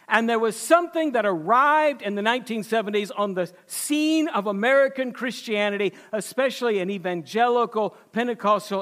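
High-voiced folksy preacher man. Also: fairly bright tone. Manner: folksy storytelling preacher, emphatic. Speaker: pastor. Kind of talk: sermon.

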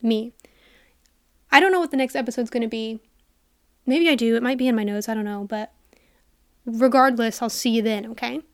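A young woman hosting a casual solo podcast, chatty and excitable with lots of "like", a little out of breath, talking into a studio mic in a quiet room. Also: on the high side, normal speed, long pauses, smooth, no room sound. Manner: chatty and excitable, heavy use of "like". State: a bit out of breath. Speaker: podcast host. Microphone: studio mic with headphones.

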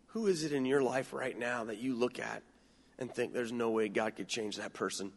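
A man's voice: mid-range voice, moderate pace, vocal fry, big-room sound. A man preaching a sermon in an earnest, conversational way, often repeating and restarting words.

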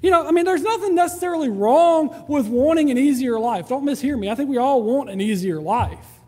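Male pastor, very high voice, conversational sermon, acts out prayers, long hall reverb. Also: lively intonation, fairly quick, mellow.

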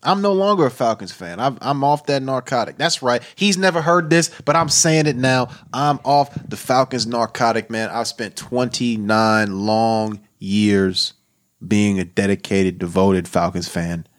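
A man co-hosting a podcast in casual sports banter, loud and teasing, laughing often. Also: medium pitch, measured pace. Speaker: podcast co-host.

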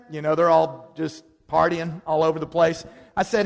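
Animated male preacher telling a story. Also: on the high side, moderate pace, gravelly, big-room sound. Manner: animated, self-deprecating storytelling. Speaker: pastor. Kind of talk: sermon.

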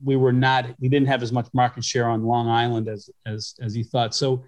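A man's voice: medium pitch, flat delivery, moderate pace, a little mellow. Rambling middle-aged man telling stories. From Western New York. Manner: rambling, with many restarts and fillers. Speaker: guest. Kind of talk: conversational storytelling.

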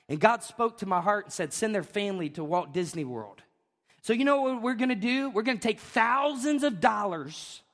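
A man, preaching a sermon as pastor, emphatic and emotional, with repeated questions and rising shouts. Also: high-pitched. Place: church sanctuary. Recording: long reverb of a church hall.

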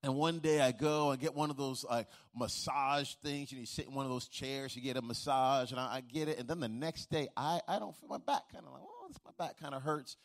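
A man's voice: medium pitch, a little fast, few pauses. A middle-aged man delivering a sermon. He tells a story with humor and stumbling restarts, then swells into a rhythmic, preacher's cadence. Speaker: pastor.

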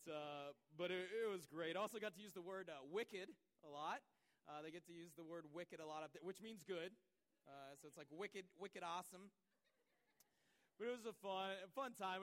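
A man pastor delivering a sermon with animated, playful asides and voiced quotes. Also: high voice.

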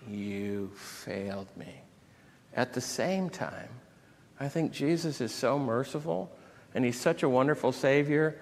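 A man pastor preaching a sermon, retelling scripture and a personal story with deep emotion. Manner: emotional storytelling, reads scripture aloud with rising intensity. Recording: long hall reverb.

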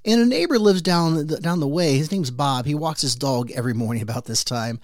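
A man hosting his own podcast, telling a personal story in an animated way and then drawing an earnest, reflective lesson from it. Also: fairly high pitch, a little fast, no echo, studio quality. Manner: animated storyteller who briefly acts out the neighbors' voices. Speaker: podcast host. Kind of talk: motivational storytelling monologue.

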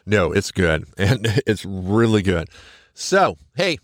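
A man with a lowish, expressive voice hosts his own podcast, recorded cleanly in a studio with no room sound. His monologue is upbeat and chatty, full of quick shout-outs, and he laughs at himself while correcting his slips.

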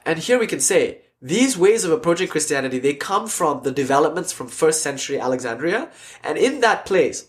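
A man giving a casual lecture as a spiritual teacher, telling stories animatedly and acting out quotes. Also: on the high side. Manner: animated storytelling, acts out quotes. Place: class with online audience.

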